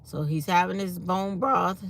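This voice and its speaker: Sleepy woman just chatting w her viewers, kinda low and gravelly, reads comments out. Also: fairly even intonation, a little slow. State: tired and yawning. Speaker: channel host. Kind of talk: casual morning chat to viewers.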